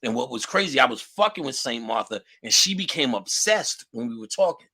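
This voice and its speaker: A man's voice: mid-range voice, animated, fairly quick, sharp tone. A man lecturing in casual storytelling mode, using profane street slang and acting out the voices of people in his story.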